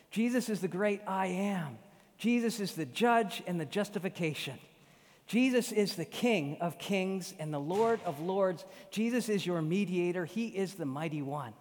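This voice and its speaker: High-voiced pastor preaching in a hall. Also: male voice, a little mellow. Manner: emphatic, rhythmic preaching with repeated phrases. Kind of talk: sermon. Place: church sanctuary. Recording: long hall reverb.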